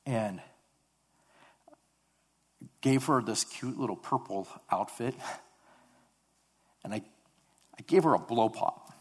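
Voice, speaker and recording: A man's voice: medium pitch, breathy edge. Guy preaching a testimony, earnest, keeps stumbling and repeating himself. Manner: halting, repeats words, earnest. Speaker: speaker telling of mission work. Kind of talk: sermon testimony.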